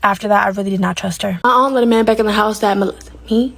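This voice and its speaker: Woman, rapid-fire, casual storytime, blunt, candid, indignant. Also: medium pitch, vocal fry. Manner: blunt and candid, with occasional swearing; animated, indignant retelling.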